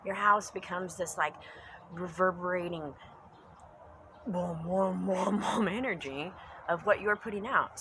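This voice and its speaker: A woman's voice: on the low side, bright, forceful tone, slight background noise, low-quality recording. A woman giving a casual spoken reflection as a pagan spiritual vlogger at home, earnest and rambling, repeating phrases for emphasis and trailing off into asides. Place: home basement room.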